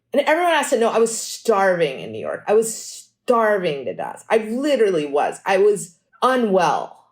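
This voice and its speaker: A woman musician telling stories in a casual podcast interview, lively and chatty, acting out what people said. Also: medium pitch. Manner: animated storytelling, acts out quotes; fast and chatty, frequent "like". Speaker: musician guest.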